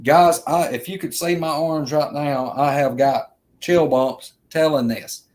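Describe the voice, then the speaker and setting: A man's voice: on the high side, unhurried, darkish tone. Rambling storyteller man. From Alabama, US. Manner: earnest, rambling, repeats himself, addresses viewers as guys. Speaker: vlogger telling an encounter. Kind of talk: casual storytelling.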